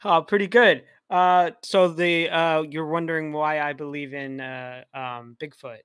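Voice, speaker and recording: A man's voice: a little high, fairly even intonation, unhurried, fairly bright tone, smooth, no room sound, studio quality. A polite man calling in to a casual chat, talking hesitantly with many fillers. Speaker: caller.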